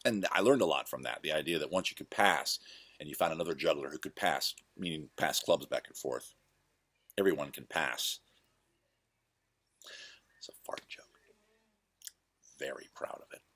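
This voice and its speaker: A man's voice: a bass voice, normal speed, pauses often, fairly bright tone, husky, dry recording. A man hosting his own show, casually telling rambling, self-correcting stories from his past. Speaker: host. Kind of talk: casual storytelling monologue.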